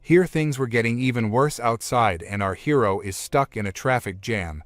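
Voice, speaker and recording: A man reads a comic recap in a plain, steady delivery, chaining events together one after another. His voice sits at an ordinary middle pitch. The recording is close and dry, with no room sound. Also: moderate pace, no room sound. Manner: plain retelling strung together with "and then". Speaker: recap narrator.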